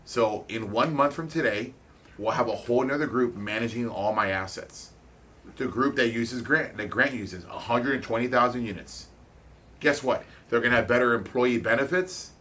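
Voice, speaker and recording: A man giving a blunt, candid motivational talk as a real estate investor, swearing freely, speaking in quick bursts with halting restarts. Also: medium pitch, pushed and bright.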